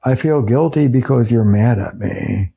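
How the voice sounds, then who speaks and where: A man's voice: mid-range voice, measured pace, vocal fry, warm tone, breathy edge. An older man, a couples therapist, earnestly explaining ideas to camera and acting out example phrases. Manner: earnest, emphatic, acts out example quotes.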